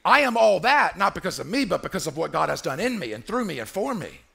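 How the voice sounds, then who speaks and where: High, gravelly, bright-voiced pastor preaching. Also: male voice, very animated, fast talker. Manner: emphatic, repetitive, asks the congregation to answer. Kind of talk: sermon. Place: church.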